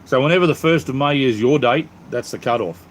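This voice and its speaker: A fairly quick, mid-range male voice belongs to an Australian channel host running a casual live stream from home. He cheerfully rambles, reads live chat, and calls his viewers mate and brother, with a little hiss or hum in the background.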